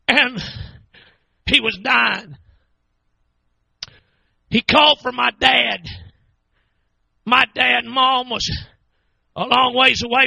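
Man preaching, bright cutting tone, slow deliberate delivery, dry close sound. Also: very high voice, vocal fry, breathy edge, no room sound, low-quality recording. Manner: fervent storytelling preacher, often shouting. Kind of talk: sermon. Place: church.

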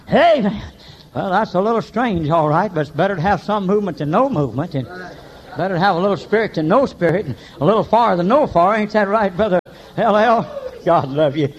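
An older man preaching a revival sermon in church, telling folksy stories and breaking into high shouts. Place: church meeting. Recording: dull lo-fi recording.

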